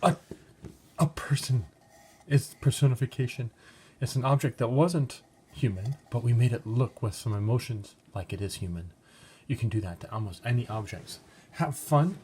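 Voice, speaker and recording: A man's voice: medium pitch, normal speed, a little mellow, slight background noise. A man teaching an online art class in a chatty, encouraging, playful way. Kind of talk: online craft lesson.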